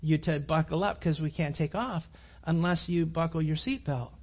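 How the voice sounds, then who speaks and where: A polite flight attendant pleads with a stubborn passenger, speaking softer and lower than the teller's own voice, as a male preacher puts her on. It comes through on a dull, lo-fi recording. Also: moderate pace, husky. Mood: pleading. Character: polite, increasingly exasperated woman flight attendant.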